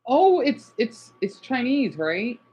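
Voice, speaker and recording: A man's voice: extremely high pitch, very animated, takes it slowly, slightly rough, lo-fi sound. Young male streamer. Casual, rambling and emotional, chats straight to viewers. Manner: rambling, emotional, reads chat names aloud. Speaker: livestream host. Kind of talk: casual live chat.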